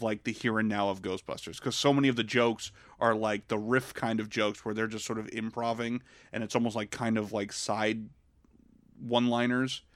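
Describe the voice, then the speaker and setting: A man co-hosting a podcast, chatting casually about a film in an animated, rambling way with lots of fillers. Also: mid-range voice, dry recording, studio quality. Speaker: podcast co-host. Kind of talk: casual film review chat.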